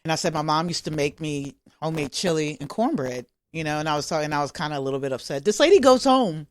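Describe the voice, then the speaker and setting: A woman comedian guest telling stories in a casual podcast chat, animated and laughing often. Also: deep voice, fast, no echo.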